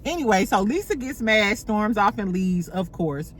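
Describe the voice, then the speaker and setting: A woman hosting a casual reality TV recap at home, animated and profane. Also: medium pitch, normal speed. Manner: animated, mimics cast members, profane. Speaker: podcast host recapping reality TV.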